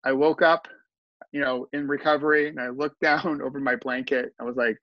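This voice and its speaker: A man's voice: medium pitch, expressive, brisk, a bit bright, dry recording, muffled recording. A man talking earnestly as a podcast guest, telling his story with asides and restarts. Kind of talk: conversational storytelling.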